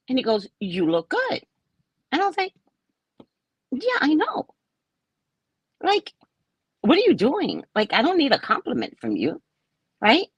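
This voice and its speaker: Here a psychic live host in her sixties is heard, her voice a little high with a breathy edge. She chats animatedly with viewers, playing the people she describes. There's no room sound, though the audio quality is poor.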